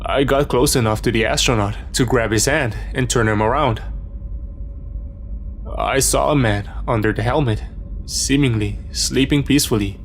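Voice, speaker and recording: A man narrating a first-person horror story in a steady, measured way, in a scripted storytelling style. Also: mid-range voice, a little hiss or hum.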